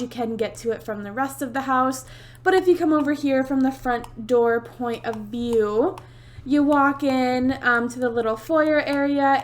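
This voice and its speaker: A young woman with a high, bright voice chats her way through a life-sim let's play. She is bubbly and giggly, quick to poke fun at herself. She speaks into a desk mic at home. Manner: bubbly, chatty, giggly, self-deprecating. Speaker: Sims gaming YouTuber. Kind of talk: casual let's play chat. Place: home, fireworks outside. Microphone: USB desk mic.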